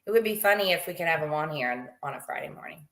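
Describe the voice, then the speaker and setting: Bright-voiced chatty woman host. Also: deep voice, expressive, very fast. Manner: chatty, laughs easily, reads out viewer comments. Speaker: show host. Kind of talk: casual chat on a live video show.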